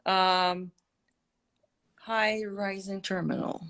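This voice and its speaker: A woman's voice: medium pitch, level tone, drawn-out words, a bit bright. Confident woman with a Russian mother tongue. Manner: confident, explanatory, teacherly. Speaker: guest linguist and accent coach. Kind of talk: livestream interview.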